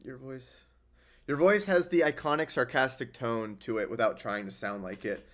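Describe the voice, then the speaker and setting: A man's voice: medium pitch, normal speed, fairly bright tone. A young man hosting a casual livestream, rambling and sarcastic as he answers chat. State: injured hand. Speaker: livestream host.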